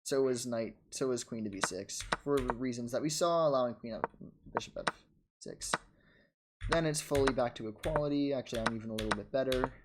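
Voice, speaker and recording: A man in a casual chess vlog, narrating his own game in quick bursts and scolding himself for his mistakes. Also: mid-range voice, very noisy. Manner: frustrated, self-critical, talks in quick bursts and trails off. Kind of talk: casual self-commentary over a chess game.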